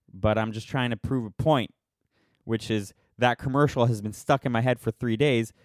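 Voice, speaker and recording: A vlogger rants casually to his viewers, his male voice on the low side, clear and resonant. It's a sarcastic, rambling opinion piece in which he pokes fun at himself, recorded with clean studio sound and no echo.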